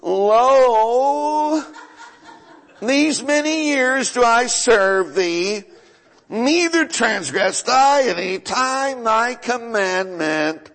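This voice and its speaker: A preacher mimicking a whiny elder brother. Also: male voice, extremely high pitch, expressive, drawn-out words, a bit bright, voice pushed up, exaggerated voice, rough recording. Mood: whining. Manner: whining, bellyaching. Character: whiny, self-pitying grown elder brother.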